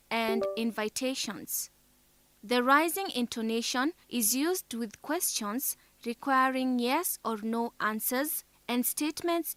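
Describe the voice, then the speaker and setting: A woman narrating a scripted English lesson in a deliberate way, carefully sounding out syllables and example words. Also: a little high, fairly bright tone, dry recording. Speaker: teacher narrator.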